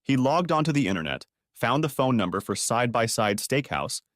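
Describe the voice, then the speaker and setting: A man narrating an audiobook story with expressive storytelling. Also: mid-range voice, normal speed, no room sound, studio quality.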